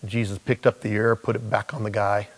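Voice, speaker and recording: A man's voice: on the low side, little pitch movement, a little fast, in a large hall. A man preaching a sermon in a humorous, conversational storytelling way, acting out quoted dialogue.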